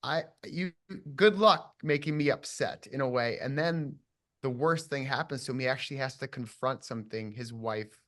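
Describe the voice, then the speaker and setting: A man's voice: medium pitch, normal speed, a bit bright. A man from southern Minnesota, an actor, talking casually and thoughtfully about his role, circling back with restarts and fillers. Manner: reflective, rambling, full of restarts and fillers. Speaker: actor guest. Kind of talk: casual interview chat.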